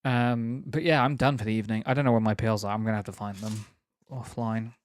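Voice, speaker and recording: A man's voice: fairly low pitch, fairly even intonation, fast talker, no room sound. A young man chatting casually on a live stream, rambling, laughing often and teasing viewers.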